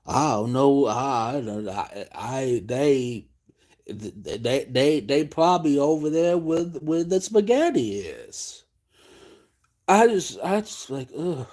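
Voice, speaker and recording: A man's voice: mid-range voice, expressive, slow pace, a little mellow. A man hosting a late-night live stream, ranting in a profane, exasperated way.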